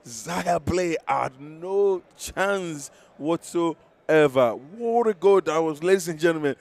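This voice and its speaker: A man commentating live on a futsal match, excitable, laughing often and losing his voice. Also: a little high, slow, vocal fry. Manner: excitable, shouting at big moments, laughing often.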